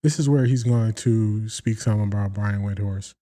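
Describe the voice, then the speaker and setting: An American sports commentary host speaks at a normal speed in a fairly low voice on his casual show. He's animated, acting out the quotes he dissects and talking directly to his viewers.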